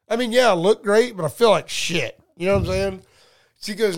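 Gravelly high-voiced man telling stories. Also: moderate pace. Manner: profane, joking, acts out both sides of conversations. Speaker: podcast co-host. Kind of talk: casual storytelling chat.

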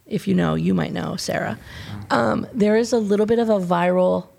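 Female podcast host, gravelly fry, breathy tone, bubbly and laughing. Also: mid-range voice, moderate pace, darkish tone. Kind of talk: casual group chat.

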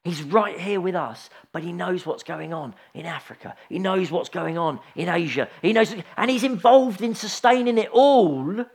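A man's voice: high-pitched, expressive, normal speed, vocal fry, few pauses. A middle-aged man giving an informal sermon, chatty and anecdotal, with frequent restarts and asides. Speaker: preacher.

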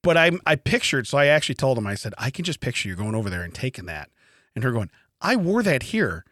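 Guy on a podcast going on w/ a funny story, bright lively voice, dry studio sound. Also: mid-range voice, fast, no room sound. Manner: animated storytelling, acting out quotes and laughing often. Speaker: podcast co-host. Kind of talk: casual chat.

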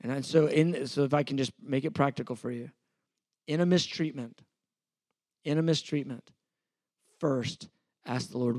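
A man's voice: mid-range voice, fairly even intonation, normal speed, pauses often, a little mellow, dry recording. A middle-aged man, preaching a sermon in an earnest, conversational way with repeated phrases. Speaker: pastor teaching a sermon.

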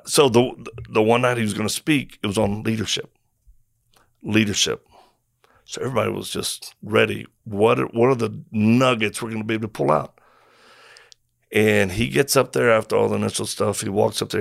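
This middle-aged former Marine has a gravelly, fairly low voice, recorded cleanly in studio quality with no room sound. He tells stories casually and animatedly, acting out quotes and sound effects along the way.

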